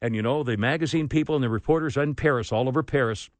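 A man hosting a talk radio show, ranting with sarcasm and indignation, swinging between loud outbursts and low asides. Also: quick pace, no echo. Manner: indignant, sarcastic, rants loudly then drops low. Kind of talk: opinionated talk radio monologue.

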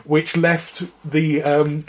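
A man's voice: a little high, little pitch movement, extremely slow. A man co-hosting a casual podcast chat from home, talking loosely and laughing often as he goes. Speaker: podcast co-host. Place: flat at home.

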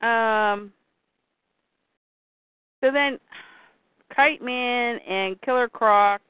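A woman's voice: a little high, clear, resonant tone, no room sound. Woman chatting about comics, acts out the lines, dry tinny phone-ish sound. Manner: animated, acts out characters' lines in quick voices. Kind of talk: casual chat retelling a comic.

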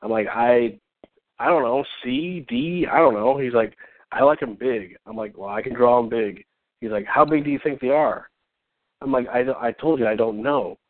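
A man in mid pitch telling a long rambling story on a talk show, slipping into the voices of each person he quotes. His voice comes through a thin, phone-like band with a dry, close sound and no room around it. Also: normal speed, no room sound. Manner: rambling, acts out both sides of conversations. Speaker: podcast host and artist. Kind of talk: casual storytelling chat.

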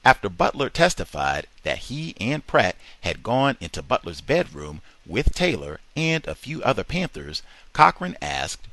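A man's voice: mid-range voice, wildly swooping pitch, unhurried, bright, forceful tone, dry recording. A man reading a book aloud to a study group, expressively voicing its quoted dialogue. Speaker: reader in a book study session.

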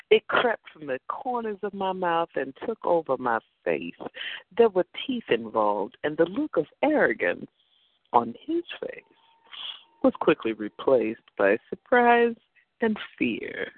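A man narrating an erotic story in a slow, sensual reading. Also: fairly high pitch, big pitch swings, dry recording. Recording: dry phone-like sound.

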